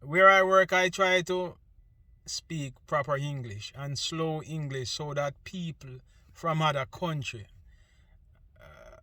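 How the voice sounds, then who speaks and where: A man's voice: a little high, bright, forceful tone, no room sound. A man from Jamaica with a Jamaican accent, talking through an earnest, opinionated monologue as host, slipping between patois and English. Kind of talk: casual monologue.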